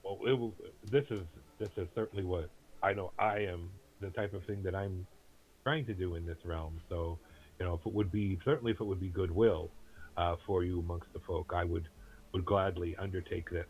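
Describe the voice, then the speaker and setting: A man's voice: deep voice, steady tone, fairly quick, a little mellow, muffled recording. A man playing a tabletop game, speaking in character in an earnest, formal and rambling way. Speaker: player.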